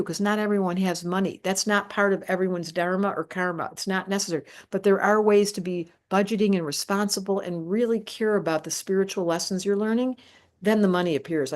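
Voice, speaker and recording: An older woman presenting a live online astrology class, talking emphatically and directly to her viewers. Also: mid-range voice. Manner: animated, emphatic teacher addressing viewers directly.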